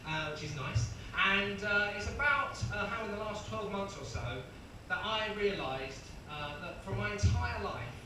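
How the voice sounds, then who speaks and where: A man's voice: high voice, expressive, a little slow, hardly any pauses, pushed and bright. Self-deprecating man doing stand-up. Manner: self-deprecating, rambling with many ums. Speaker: stand-up comedian. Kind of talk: live stand-up set. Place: comedy venue stage with live audience. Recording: echoey venue from far off, noisy.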